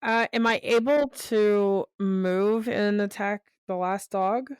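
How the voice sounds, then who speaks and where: A tired woman playing in a tabletop game, adding up her dice rolls out loud. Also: mid-range voice, steady tone, clean tone, dry recording, studio quality. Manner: unhurried, tallies dice out loud. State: tired, yawning. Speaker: player. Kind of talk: tabletop game play, casual chat.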